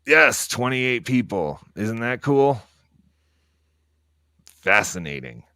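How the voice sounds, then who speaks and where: A man's voice: medium pitch, sing-song, slow pace, no echo, clean studio sound. A man livestreaming from home at night, telling rambling stories laced with profanity and keeping his voice down so he won't wake people. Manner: talking quietly so as not to wake others. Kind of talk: casual livestream monologue.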